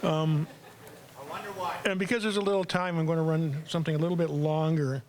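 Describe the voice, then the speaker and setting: A Canadian man in his seventies at an open mic in a small lounge, wry and halting as he introduces and reads his poem. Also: a little high, fairly even intonation, crowd noise. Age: 70s. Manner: wry, halting, self-deprecating. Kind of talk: casual intro then poetry reading. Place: small acoustic lounge, live audience.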